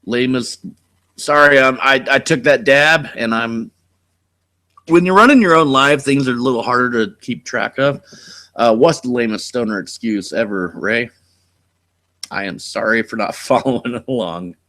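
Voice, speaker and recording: A man from California chats on a home live stream in a rambling, easygoing way. He swears freely as he tells his stories. His voice has a bright, forward tone at an average pitch. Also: normal speed. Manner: rambling, laid-back storytelling with frequent swearing. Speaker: channel host. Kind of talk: casual live-stream chat. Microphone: desk mic.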